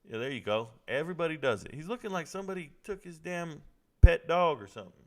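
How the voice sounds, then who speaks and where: A man's voice: fairly high pitch, animated, quick pace, darkish tone. A young man hosting a live stream, joking loosely with chat while reacting to a fight. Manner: joking, loose and chatty, talking to viewers in chat. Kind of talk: casual live reaction commentary.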